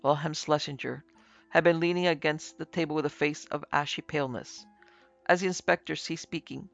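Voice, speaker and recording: A man reads a supernatural tale in a measured storytelling voice with a gravelly texture and a slightly raised pitch. Faint music plays underneath. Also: steady tone, a bit bright, no room sound. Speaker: narrator and producer. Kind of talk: scripted narration of a classic tale.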